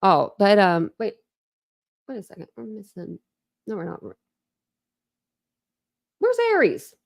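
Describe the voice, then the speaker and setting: A woman's voice: medium pitch, normal speed, gravelly, no echo. A woman hosting a true crime commentary stream, chatting in a rambling, teasing way. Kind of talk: casual reaction commentary.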